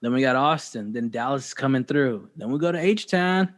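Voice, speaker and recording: A man's voice: mid-range voice, expressive, moderate pace. A man hosting a podcast, chatting casually and joking with loose, profane banter. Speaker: podcast host. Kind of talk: casual chat.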